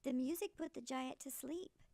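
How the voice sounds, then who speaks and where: A woman reading a fairy tale aloud in an animated, theatrical storyteller style. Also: high voice, moderate pace, no echo.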